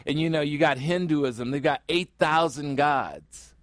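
A man's voice: on the high side, measured pace, fairly bright tone, no room sound. A man preaching a sermon as pastor, conversational and joking, acting out little exchanges. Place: church in Phoenix area.

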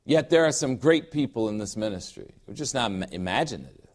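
A man preaching a sermon as pastor, emphatic, dropping low and slow to read scripture. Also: expressive.

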